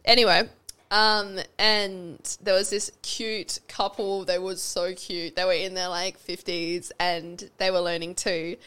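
A young adult Australian woman, a podcast guest, telling a story in an animated, giggly way with fillers and the odd swear word. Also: fairly low pitch, a little slow, clean tone. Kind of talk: casual chatty storytelling.

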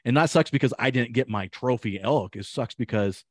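A man's voice: mid-range voice, normal speed, dry recording, clean studio sound. A man hosting a podcast, talking earnestly and acting out quotes as he tells stories. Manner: earnest, animated, acts out quotes. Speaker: podcast host. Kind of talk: casual podcast chat.

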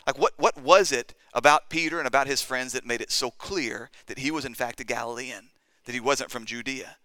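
A man's voice: medium pitch, fairly quick, pushed and bright, dry recording. A man preaching a sermon in an earnest way, acting out quoted lines and building to emphatic peaks. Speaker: pastor.

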